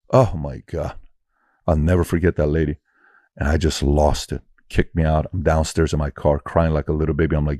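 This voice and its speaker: A man's voice: very deep voice, flat delivery, normal speed, warm tone, no room sound, clean studio sound. A man telling a personal story in an intense, blunt, self-critical way. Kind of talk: emotional personal anecdote.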